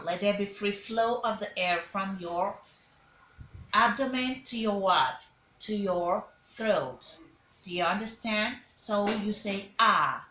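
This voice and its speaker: This diction lesson comes from a woman whose medium-pitched voice has a sharp edge, with slight background noise and an echoey, faintly ambient room. She drills letter sounds and sample words, offers praise, and gets learners to say them back.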